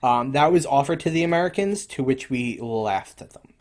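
A man talks history on a podcast in an easygoing, rambling way. His voice sits at a middle pitch, and he fills his sentences with ums and false starts as he thinks aloud. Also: lively intonation, normal speed. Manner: rambling, lots of fillers and restarts. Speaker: podcast co-host. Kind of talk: casual history chat.

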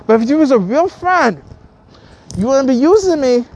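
High-voiced woman ranting angrily. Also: lively intonation, normal speed, a little mellow. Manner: angry, repetitive, stammering restarts, swears constantly. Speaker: vlogger. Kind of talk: heated profane rant to camera.

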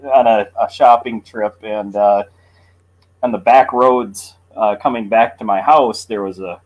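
A man with a fairly low voice speaks slowly and hesitantly, with lots of ums and restarts. His tone is relaxed and conversational. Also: rough recording. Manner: halting, hesitant, many fillers and restarts. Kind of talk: casual chat.

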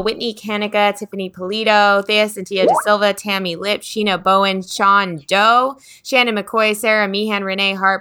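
Bright, upbeat woman podcast host. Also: medium pitch, clean tone. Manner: upbeat, reads a list quickly. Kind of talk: casual podcast intro.

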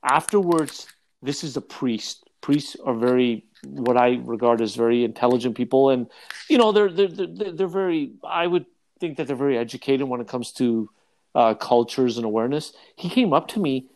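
A man's voice: medium pitch, normal speed. A man, a comedian, telling jokey stories in a casual chat with a friend, full of restarts and asides. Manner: animated, jokey, frequent restarts.

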